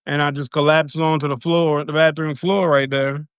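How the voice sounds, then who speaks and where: A man tells a personal story on a livestream in a loose, rambling way, swearing freely. His voice sits a bit high and comes across smooth and clear. The sound is dry and close. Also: level tone, normal speed, no room sound. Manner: profane, rambling, loose retelling.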